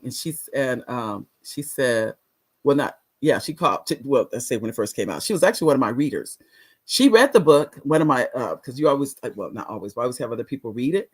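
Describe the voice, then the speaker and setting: Animated woman host coaching viewers. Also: a bass voice, slightly rough. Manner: animated, repeats key phrases for emphasis. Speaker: talk show host and author. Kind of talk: instructional talk to viewers.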